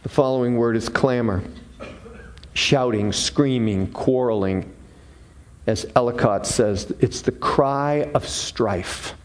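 A man preaching a sermon, defining terms one by one with deliberate, emphatic pauses. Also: medium pitch. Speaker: pastor.

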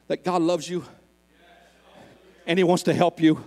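A man preaching a sermon in a church, moving between hushed personal stories and impassioned shouted appeals. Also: a little high, fairly even intonation, unhurried, in a large hall.

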